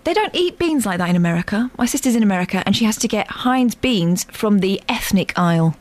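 A woman's voice: mid-range voice, animated, a little fast. A woman co-hosting a radio show, reading out newspaper stories in a casual chat. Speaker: radio co-host reading the papers.

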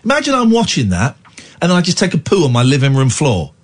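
Husky, lively male radio host. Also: on the high side, quick pace. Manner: animated ranting, indignant. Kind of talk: late-night talk radio chat.

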